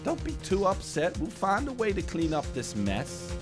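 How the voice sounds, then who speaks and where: A sinister older police chief with a Southern accent, as a man puts him on, drawing out each word slowly and deliberately. His voice sits higher than the performer's own and swings widely in pitch. Game music plays clearly underneath. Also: huge pitch swings. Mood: menacing. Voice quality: slow, deliberate drawl.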